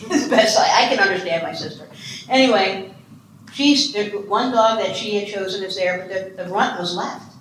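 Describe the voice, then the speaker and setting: A woman in her sixties from Ohio giving an animated, humorous keynote talk on adoption and quizzing her audience. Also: lowish voice. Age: 60s. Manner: animated, chatty, self-deprecating humor. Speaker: conference speaker on foster care and adoption. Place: conference hall. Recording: echoey room with faint noise.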